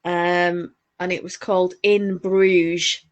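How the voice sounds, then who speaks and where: A woman's voice: fairly low pitch, level tone, slow, lo-fi sound, slight background noise. Rambling Northern English woman telling stories. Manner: chatty storyteller, rambling asides. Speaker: podcast co-host. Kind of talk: casual chat while knitting.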